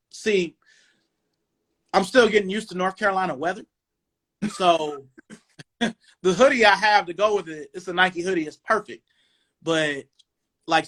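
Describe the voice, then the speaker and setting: A man in his forties from Cleveland hosting a casual sneaker talk show over a video call, relaxed and rambling. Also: fairly high pitch. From Cleveland, USA. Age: 40s. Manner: relaxed, rambling, lots of "um" and "you know". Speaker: podcast host. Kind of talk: casual chat. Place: home dining room.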